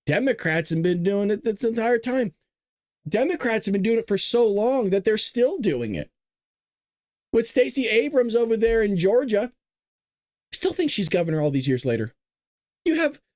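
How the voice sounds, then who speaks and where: A man's voice: very high voice, no room sound, clean studio sound. Sarcastic male political commentary host. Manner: animated, sarcastic, laughing asides.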